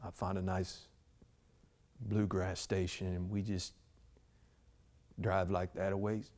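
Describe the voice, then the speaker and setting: Deep, flat, and slow, with a darkish tone, a man's voice delivers a one-man stage monologue. His character is a rambling blue-collar husband speaking to a police officer, who keeps saying "man" and starting his sentences over.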